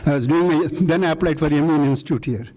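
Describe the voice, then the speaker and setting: A man's voice: fairly high pitch, fast, mellow, low-quality recording. An older man from India recounting his career to a live audience, telling an emphatic story and acting out the dialogue. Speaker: invited speaker recounting career. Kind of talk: live lecture anecdote. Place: lecture hall.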